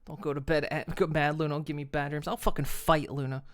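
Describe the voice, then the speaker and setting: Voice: mid-range voice, flat delivery, fast. A streamer giving live gameplay commentary, ranting with exasperation, swearing often and laughing between complaints.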